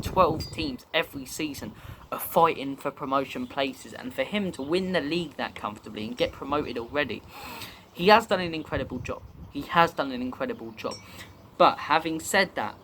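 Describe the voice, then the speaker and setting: Young male fan-channel host, chatty and opinionated, mid-pitch, audible noise behind. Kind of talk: casual fan commentary to camera.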